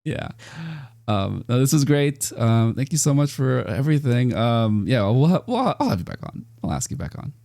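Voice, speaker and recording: A man's voice: mid-range voice, very animated, normal speed, vocal fry, mellow, dry recording, clean studio sound. A man hosting a casual podcast chat, talkative and self-deprecating, rambling a little as he thinks aloud. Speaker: podcast host.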